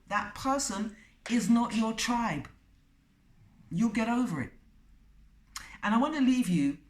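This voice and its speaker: A woman presenting self-help advice to camera in an emphatic way, repeating key phrases and pausing with fillers. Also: medium pitch. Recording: roomy sound from a distance.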